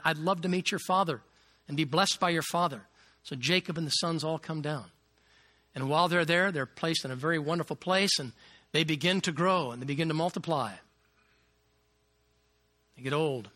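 A man delivering a sermon as lively storytelling, his voice bright, forceful and pitched a little high for a man. He acts out the characters' lines, then sinks soft and low for the solemn moments. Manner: dramatic storytelling, acting out quoted lines. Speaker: preacher. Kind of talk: sermon retelling a Bible story.

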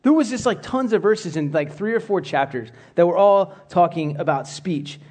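A man's voice: high-pitched, expressive, normal speed, darkish tone. Chatty man giving a casual sermon. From United States. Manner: chatty, rambling with asides and restarts. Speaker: church speaker.

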